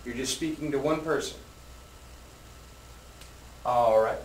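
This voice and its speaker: A man's voice: mid-range voice, slight background noise. Man teaching English in an echoey room. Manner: slow, clear teaching delivery with repeated model sentences. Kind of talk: recorded English grammar lesson. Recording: roomy echo, mic at a distance.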